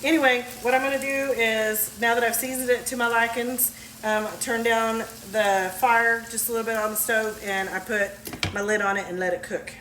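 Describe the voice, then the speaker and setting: A woman whose voice sits on the high side keeps a steady tone and moderate pace, with a little hiss or hum audible. She's vlogging from her home kitchen, chatting folksily and laughing easily as food fries loudly on the stove amid echo and stirring.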